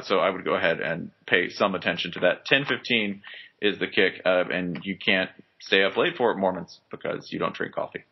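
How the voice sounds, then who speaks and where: A man hosting a podcast, chatting casually about sports in a joking, rambling way with many fillers. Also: fairly low pitch. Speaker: podcast host. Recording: dull lo-fi podcast recording.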